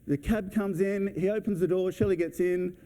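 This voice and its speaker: A man's voice: sits high, steady tone, moderate pace, dark tone, a little hiss or hum. A man giving a casual, anecdotal talk as a speaker at a real estate event, acting out scenes as he tells a story. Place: event hall on stage.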